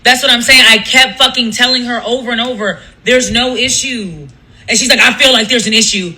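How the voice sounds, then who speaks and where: A woman's voice: on the high side, fairly quick, sharp tone, poor audio. A woman, a radio host, telling a story on a casual livestream. She talks in an emphatic, profane way and restarts her sentences often. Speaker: radio host and live streamer.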